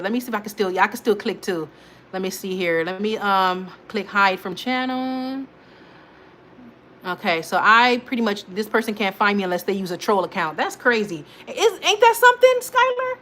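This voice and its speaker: A woman chatting on her own livestream, her voice rising and falling as she calls out trolls and guides her moderator. She talks informally with plenty of restarts. A faint hiss of background noise sits under her voice. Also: mid-range voice. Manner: animated, talks to chat moderators by name, scolding trolls. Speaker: livestream host. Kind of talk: casual livestream chat.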